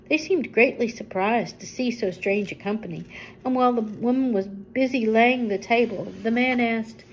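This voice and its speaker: An older woman reading a children's book aloud to a listener, with gentle chatty asides. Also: fairly high pitch, a little hiss or hum, low-quality recording. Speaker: storyteller.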